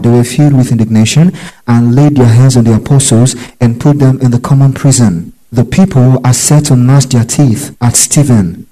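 A man's voice: mid-range voice, dark tone, poor audio. A man teaching a Bible study, reading verses aloud and telling listeners which words to underline.

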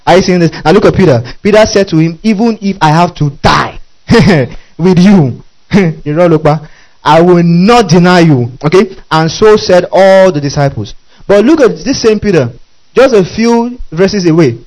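A man preaches with a high-pitched voice. He is animated, keeps asking his listeners questions, and chuckles between phrases. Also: poor audio. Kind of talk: sermon.

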